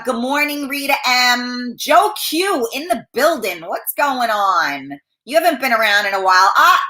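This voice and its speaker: A woman's voice: a little high, pushed and bright, reverberant. A middle-aged woman hosting a live talk show, rambling and blunt, swearing freely as she reads viewer comments.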